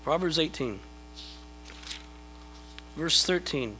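A man's voice: a little high, expressive, normal speed, pushed and bright, slight background noise, low-quality recording. A middle-aged man preaching a sermon in a conversational, self-deprecating way, often repeating his words as he starts a thought. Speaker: pastor.

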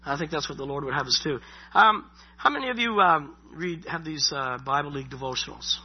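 A man's voice: a little high, expressive, brisk, slightly rough. A middle-aged man preaching a sermon in a loose, conversational way, often repeating himself and saying "you know". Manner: conversational, repeats words, many you-knows. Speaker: pastor. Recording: dull lo-fi sound.

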